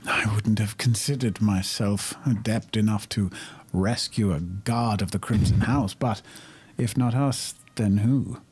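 A man voicing an earnest, learned male adventurer in a tabletop game, speaking in a solemn, measured way. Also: lowish voice, darkish tone, breathy edge. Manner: solemn, measured in-character speech.

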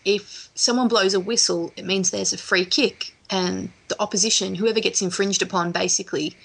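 A woman's voice: medium pitch, steady tone, normal speed, vocal fry, fairly bright tone, breathy edge. An Australian woman chatting as a podcast guest, a chatty storyteller who laughs easily. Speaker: guest, wrestler. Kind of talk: casual podcast chat.

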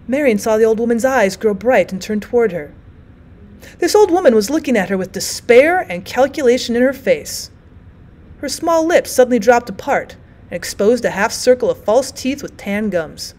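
A woman teacher reading a short story aloud in an expressive audiobook narration. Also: on the high side, moderate pace.

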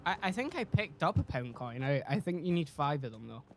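Sweary Scottish gamer. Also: male voice, a little high, very animated, brisk. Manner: sweary, joking, rambling asides. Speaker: gaming streamer. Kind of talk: casual gameplay commentary.

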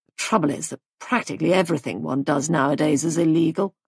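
A woman voicing a young husband who talks in a gloomy, matter-of-fact way, dropping her voice lower. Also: fast, creaky, darkish tone, slightly rough, dry recording, clean studio sound, heavily acted.

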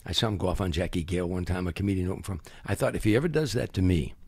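An older man, a comedian appearing as a guest, tells animated anecdotes in an interview and acts out the quotes. His voice is low, husky and rapid-fire, with no echo in the recording.

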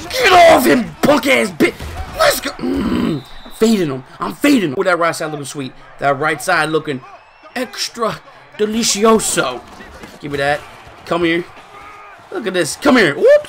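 Animated, bright-voiced gaming streamer man. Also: on the high side. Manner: swings between mutters and loud shouting. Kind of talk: excited live gameplay commentary.

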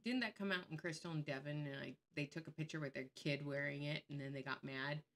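A woman's voice: low voice, a little fast, fairly bright tone. A woman giving casual commentary on her channel, blunt and sarcastic, openly angry and swearing freely. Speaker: YouTube commentator. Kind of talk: casual screen-share commentary.

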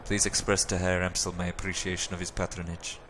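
A man's voice: low voice, level tone, brisk, background noise, natural voice. A man voicing a sly, fawning Turkish cafe owner in a video game, with an exaggerated Turkish accent and salesman's patter. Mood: hushed. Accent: exaggerated put-on Turkish. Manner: oily salesman patter, drops to conspiratorial murmurs. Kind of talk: reading a video game's dialogue aloud.

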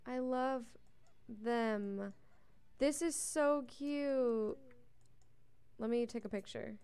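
A woman's voice: on the high side, drawn-out words, darkish tone, clear, resonant tone. A young adult woman giving casual, chatty commentary on her life-sim game as a let's play host. She reads the game's text aloud and gushes over cute moments.

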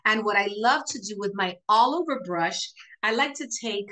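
A woman's voice: mid-range voice, animated, moderate pace, sharp tone, low-quality recording. A woman hosting a live makeup tutorial, chatty and encouraging, talking viewers through each step as she works. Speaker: makeup demonstrator.

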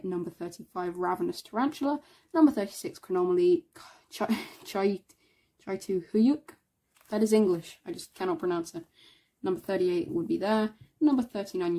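A woman giving casual showcase commentary as a collector, reading out items one by one in a relaxed, offhand way. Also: lowish voice, slightly rough. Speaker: card collector showing a binder.

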